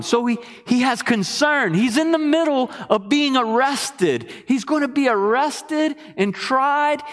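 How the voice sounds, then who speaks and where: Animated male preacher in a reverberant hall. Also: high voice. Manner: animated preaching with call-and-response questions. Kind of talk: sermon.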